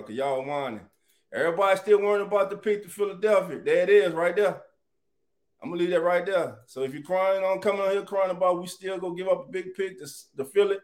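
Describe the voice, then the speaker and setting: On his casual live sports talk stream, the host sounds animated, his voice pitched a bit high for a man. He welcomes viewers by name and treats them as family.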